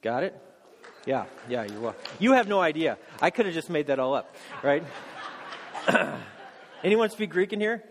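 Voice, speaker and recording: A man's voice: fairly high pitch, sing-song, moderate pace, long pauses, a little hiss or hum. Joking man teaching in an echoing hall. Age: adult. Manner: joking, self-deprecating, quizzes the audience. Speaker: pastor teaching a congregation. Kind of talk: teaching sermon. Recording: long echo of a large hall.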